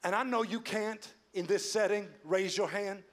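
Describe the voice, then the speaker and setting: A man preaching a sermon as pastor, swinging from hushed, slow lines to loud, fast build-ups. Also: high-pitched, fairly even intonation. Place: church sanctuary. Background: soft music.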